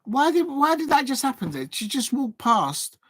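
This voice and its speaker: A man's voice: extremely high pitch, normal speed, no room sound, studio quality. A man hosting a fan watch-along of a football match, chatting and cheering at the action. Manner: excitable, cheers and pleads at the action, chatty asides. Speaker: football fan channel host.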